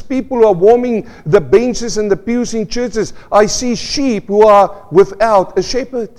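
A man's voice: sits high, darkish tone. A male pastor preaching a sermon, asking the congregation questions throughout. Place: church. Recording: long reverb of a church hall.

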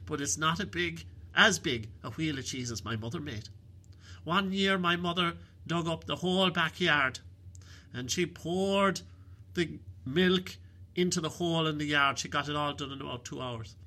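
A man voicing a deadpan countrywoman. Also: fairly high pitch, normal speed, voice pushed up. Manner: calm, matter-of-fact, deadpan exaggeration. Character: shrewd unflappable Irish countrywoman, tall-tale teller.

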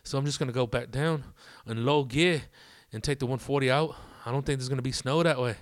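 A man's voice: medium pitch, steady tone, a little fast, no echo, studio quality, lightly acted. A man putting on the voice of an easygoing British tourist with a British accent who keeps saying "mate". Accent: British, put on. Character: laid-back British man, rental car tourist.

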